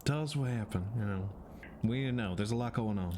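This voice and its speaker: Low calm guy describing his character's moves, talks it through as he goes. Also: brisk, a little hiss or hum. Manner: calm, thinks aloud with restarts. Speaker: player. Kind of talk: casual tabletop role-play.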